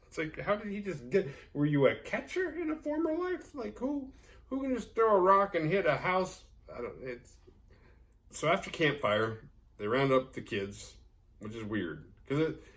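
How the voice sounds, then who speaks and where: A man's voice: fairly high pitch, a bit bright. A man hosting a horror movie podcast, recapping a film in a rambling, sarcastic, profane way. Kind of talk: casual movie recap with jokes.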